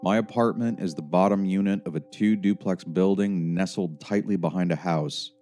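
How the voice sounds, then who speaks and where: Deep, dark-toned male audiobook narrator. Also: moderate pace, soft background music. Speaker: author and narrator. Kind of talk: first-person audiobook narration.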